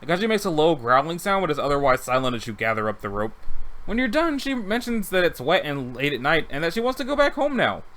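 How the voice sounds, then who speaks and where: A man reading a text game and viewer comments aloud, breaking off for wry asides. His voice sits high for a man and swings widely in pitch. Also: big pitch swings, fast, fairly bright tone. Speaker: let's read narrator.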